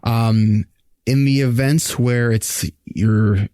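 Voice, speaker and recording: A man's voice: mid-range voice, fairly even intonation, takes it slowly, dark tone, no echo, clean studio sound. A man hosting a live Q&A podcast as a coach, talking casually with many fillers and restarts. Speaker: podcast host and ADHD coach.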